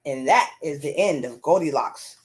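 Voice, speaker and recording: Woman reading a storybook, animated. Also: low voice, moderate pace, a little hiss or hum. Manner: expressive and animated. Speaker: storyteller host. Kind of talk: reading a children's story aloud.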